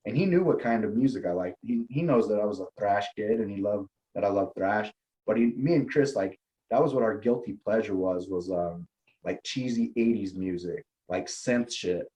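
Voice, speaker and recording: Lower-voiced dude rambling through old road stories, cussing and laughing, casual podcast chat. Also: male voice, normal speed, mellow, rough recording. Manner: loose storytelling with lots of swearing and laughter. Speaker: guest.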